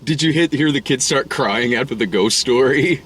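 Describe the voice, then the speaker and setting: A man co-hosting a casual movie review chat, rambling and swearing, often laughing and putting on high voices to act out scenes. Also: normal speed, a bit bright, a little hiss or hum. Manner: rambling, profane, laughs often, acts out lines in falsetto. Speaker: podcast co-host reviewing a movie.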